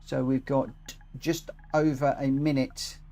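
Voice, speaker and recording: A man's voice: mid-range voice, level tone, takes it slowly, mellow. A man hosting a live racing game stream, chatting casually and self-mockingly as he reads out chat. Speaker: livestream host running online racing lobbies.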